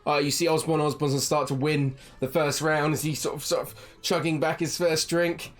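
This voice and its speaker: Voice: medium pitch, flat delivery, normal speed, soft background music. A game master narrating a tabletop game in a rambling way, full of fillers and "like"s.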